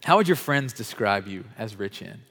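Preaching in a large church hall with chairs, this male pastor has a fairly low, slightly rough, a bit bright voice and is very animated at a moderate pace. He speaks conversationally, puts questions to his congregation, and restarts often with fillers, frequent "like," and repeated false starts.

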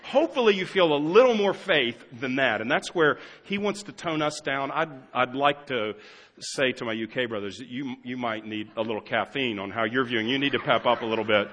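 Middle-aged american pastor preaching, husky voice, big echoey church hall. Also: male voice, medium pitch, brisk. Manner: animated preaching, swings from quiet asides to loud emphatic lines. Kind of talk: sermon. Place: church sanctuary.

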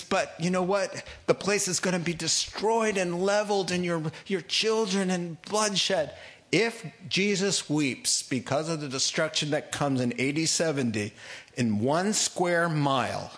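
A man preaching a sermon, telling Bible stories with humor and acting out the voices of the figures in them. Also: on the high side. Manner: animated storytelling, puts on voices for biblical figures, laughs often. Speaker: pastor.

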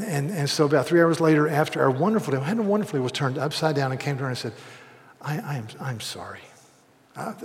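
Man in his 60s, pastor delivering a sermon, humorous self-deprecating storyteller with hushed asides and loud peaks, mid-pitched voice, long reverb of a church hall. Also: slight background noise.

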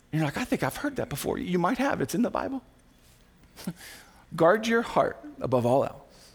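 Lively, animated male pastor preaching. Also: high voice. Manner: animated, acts out quoted voices with asides and laughs. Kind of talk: sermon. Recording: recorded sermon audio.

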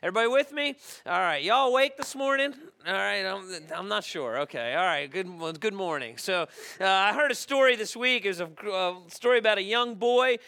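A man's voice: high voice, lively intonation, brisk, gravelly, bright, forceful tone, smooth. A male pastor, preaching a conversational sermon and often checking in with "okay?".

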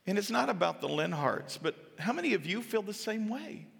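A man in his thirties preaching a sermon to his congregation, with earnest emphasis that drops into quiet, personal asides. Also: sits high, sing-song, brisk, gravelly, breathy edge. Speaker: pastor. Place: church sanctuary. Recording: long hall reverb. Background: church hall.

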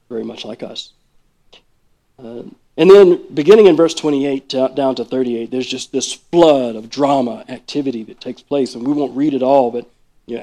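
A man preaching a sermon in a conversational, animated way, full of asides and acted-out quotes. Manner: acts out quoted speech with big pitch jumps. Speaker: worship leader preaching.

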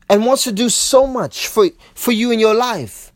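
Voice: mid-range voice, measured pace, no echo, studio quality. A preacher delivering a sermon, acting out quoted voices and often repeating words. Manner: repeats words as they speak.

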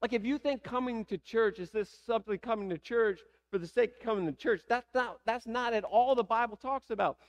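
A man's voice: very high voice, brisk, hardly any pauses. A man with a Southern American accent preaching a sermon, asking the congregation rhetorical questions. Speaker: pastor.

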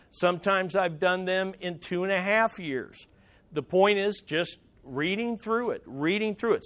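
A man's voice: high voice, fairly bright tone. A middle-aged man preaching a sermon in a conversational, emphatic way, often repeating his phrases. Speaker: pastor.

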